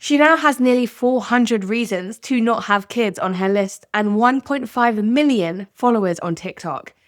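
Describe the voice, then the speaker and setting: A woman's voice: fairly high pitch, moderate pace, dry recording, studio quality. A woman hosting a podcast, narrating in a candid, conversational way. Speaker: podcast host. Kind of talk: scripted narration.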